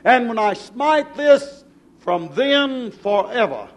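A man's voice: very high voice, lively intonation, slow pace. A male preacher delivering a fervent sermon in a church, pressing his listeners with rhetorical questions.

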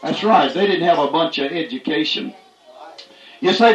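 High-voiced folksy preacher man in an echoey room. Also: animated, normal speed. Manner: folksy, repeats "that's right", rises to shouts. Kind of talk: fiery folksy sermon.

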